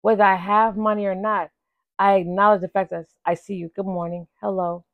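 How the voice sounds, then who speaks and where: A woman in her forties chatting casually to her viewers in an animated, talkative way, calling them "baby" and "y'all", her voice getting a little hoarse. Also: mid-range voice, brisk, no echo. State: voice giving out, slightly hoarse. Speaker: vlogger. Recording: dull lo-fi dry recording.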